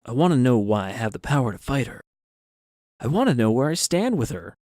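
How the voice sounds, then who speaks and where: A man's voice: medium pitch, big pitch swings, fairly quick, darkish tone, dry recording, studio quality, lightly acted. A man voicing an earnest young policewoman. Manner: earnest, pleading. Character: determined young woman police officer.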